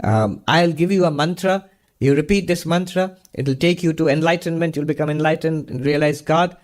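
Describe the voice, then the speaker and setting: A man's voice: a little high, normal speed, natural voice. A man voicing a wandering holy man who scolds a snake, with a raised, emphatic voice as he tells a story. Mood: instructing.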